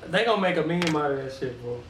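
Excitable man reacting in an echoey room. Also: fairly high pitch, quick pace, slight background noise. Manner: laughing, excited, slangy. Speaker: reaction video host. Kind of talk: casual reaction commentary.

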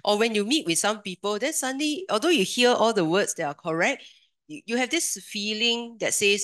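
Quick-talking woman leading a workshop. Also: medium pitch, animated, fairly bright tone. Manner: asks the room questions, quick conversational delivery. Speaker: workshop presenter. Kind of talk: workshop lecture.

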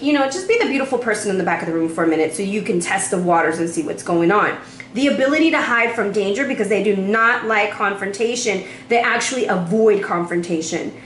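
A woman in a warm room giving a chatty tarot reading straight to the viewer. Her voice sits fairly high, and she sounds slightly out of breath. The recording has a roomy echo with faint noise behind it. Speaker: tarot reader. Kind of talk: casual tarot reading to camera.

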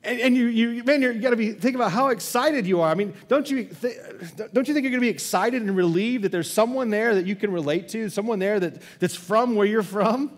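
A man's voice: high-pitched, a little fast, few pauses. A man preaching a sermon as pastor, telling a story conversationally and often restarting his phrases. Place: church sanctuary. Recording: long church hall reverb.

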